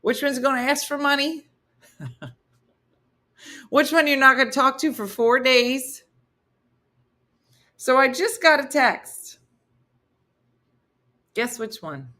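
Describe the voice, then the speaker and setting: A woman's voice: sits high, lively intonation, slow, pauses often, sharp tone. A middle-aged woman hosting a live morning comedy stream, chatty and laughing as she reads viewer comments aloud.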